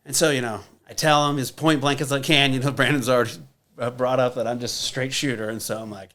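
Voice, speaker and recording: A man's voice: mid-range voice, steady tone, fast, fairly bright tone. A man in his thirties, a podcast guest, telling a personal story in a blunt, candid way, swearing often and using many fillers.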